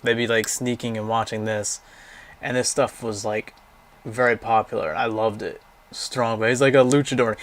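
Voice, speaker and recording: A young man casually rambling through a game library, giving blunt, profane opinions and going off on tangents. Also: medium pitch. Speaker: gaming vlogger.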